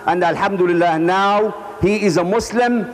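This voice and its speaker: A man's voice: high voice, normal speed. A man from Egypt, giving formal thanks and remarks after a lecture, hesitant with many fillers. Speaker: speaker from the audience. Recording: long reverb of a lecture hall.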